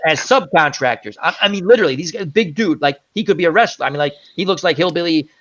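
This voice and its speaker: A man with a fairly high voice talks quickly as host of a casual chat show, spinning a long, animated, rambling story packed with asides. The audio is dull and lo-fi.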